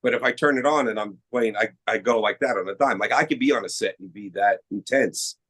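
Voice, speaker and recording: A man's voice: on the low side, brisk, poor audio. A middle-aged man from Queens, New York, an actor being interviewed on a podcast, talking casually and acting out the dialogue in his stories. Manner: animated storyteller who acts out quoted dialogue. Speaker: actor guest.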